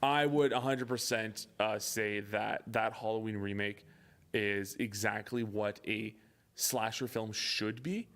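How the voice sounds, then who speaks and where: A man's voice: lowish voice, fairly even intonation, takes it slowly, fairly bright tone. A young man co-hosting a podcast in casual chat, swearing often and acting out movie lines. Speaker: podcast co-host.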